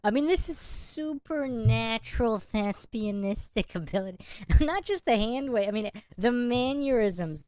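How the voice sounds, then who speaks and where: A woman podcast host reacts to a clip with amused commentary, laughing between her remarks. She speaks slowly, and her voice sounds dry and close to the mic. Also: mid-range voice, mellow, no echo.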